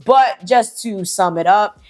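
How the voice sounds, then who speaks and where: A woman's voice: medium pitch, slow. A woman telling a story in a casual, slangy, chatty way, swearing freely. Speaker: storyteller host.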